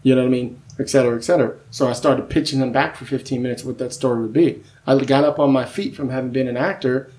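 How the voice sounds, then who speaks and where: A man who works as a screenwriter, talking casually as a podcast guest and telling animated stories about his work. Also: medium pitch, fast talker, few pauses. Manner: lively storyteller who acts out quoted voices; keeps asking "you know what I mean?".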